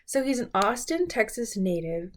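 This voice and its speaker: A woman's voice: on the high side, very animated, normal speed, slight background noise. Chatty young woman giving playful commentary. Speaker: beauty and reality TV vlogger. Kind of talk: casual commentary vlog.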